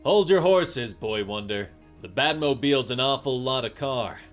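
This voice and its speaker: A man's voice: medium pitch, expressive, normal speed, faint music behind, natural voice. A man voicing a stern, fatherly male vigilante who has a dry humor.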